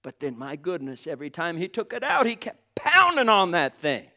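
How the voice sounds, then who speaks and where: A man preaching a sermon, fervent, swinging from loud exclamations to hushed asides and calling out to the congregation. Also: fairly high pitch, huge pitch swings, normal speed. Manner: calls out to the congregation and chuckles often.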